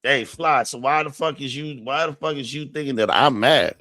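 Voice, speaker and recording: A man hosting a livestream, ranting in a profane, mocking way and swinging between loud outbursts and muttered asides. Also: mid-range voice, normal speed, dry recording, studio quality. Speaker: livestream host. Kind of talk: heated livestream rant.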